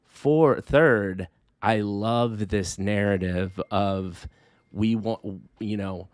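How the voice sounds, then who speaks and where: A man's voice: on the low side, extremely slow, no echo. A man hosting a podcast, giving earnest closing thoughts point by point, casual and a bit sweary. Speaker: podcast host.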